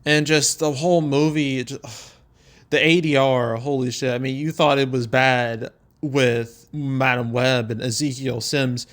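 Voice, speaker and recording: A man's voice: medium pitch, fairly even intonation, a little slow. A young man hosting a casual movie review talk, exasperated and laughing often as he rants with plenty of swearing. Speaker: host.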